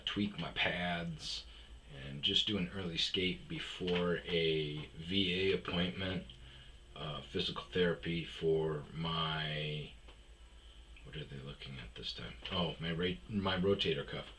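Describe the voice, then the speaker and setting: A man's voice: sits low, a bit bright, slight background noise. A young adult man telling a rambling, profane, jokey story in a casual vlog. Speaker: vlog host.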